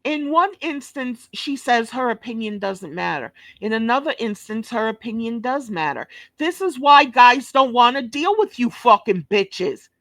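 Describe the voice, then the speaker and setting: A woman's voice: fairly high pitch, very animated, normal speed, hardly any pauses, fairly bright tone, dry recording. A woman with a New York accent hosting a reaction video, delivering a blunt, cursing, scolding rant. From Brooklyn, New York. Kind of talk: profane reaction commentary.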